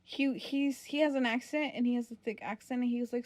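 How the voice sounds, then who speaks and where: A woman's voice: fairly quick, hardly any pauses, dry recording. A woman co-hosting a casual movie podcast, a native Spanish speaker who chats animatedly and acts out quotes. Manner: animated, acts out quotes with big pitch jumps. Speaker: podcast co-host.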